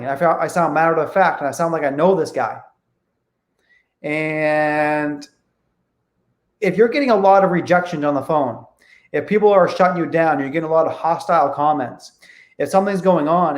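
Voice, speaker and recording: A man's voice: a little high, echoey room. A man coaching sales calls in an online training talk, emphatic, often checking in with his listeners. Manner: emphatic, keeps checking in with "okay?". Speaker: real estate investing coach.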